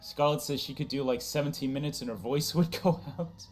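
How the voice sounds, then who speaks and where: A man's voice: fairly high pitch, a little fast. A man hosting a casual livestream chat, talking loosely, laughing often and reading chat messages aloud. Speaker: streamer host.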